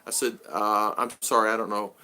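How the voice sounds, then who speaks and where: A man's voice: on the low side, level tone, normal speed, pushed and bright, clean tone. A middle-aged American man vlogging in a casual livestream chat, rambling and repeating himself. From United States.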